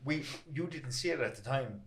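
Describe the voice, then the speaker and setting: A man's voice: mid-range voice, animated, moderate pace, reverberant, crowd noise. A man hosting a podcast, talking in a loose, rambling way, swearing casually and laughing often. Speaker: podcast host. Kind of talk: casual chat.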